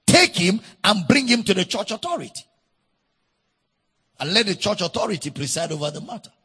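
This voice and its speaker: A Nigerian man preaches with a husky, gravelly voice that rises high and swings widely in pitch. He drives his points home emphatically and calls on the congregation to repeat after him, and the sound carries a long echo from a church hall. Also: fairly bright tone. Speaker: pastor. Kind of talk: sermon.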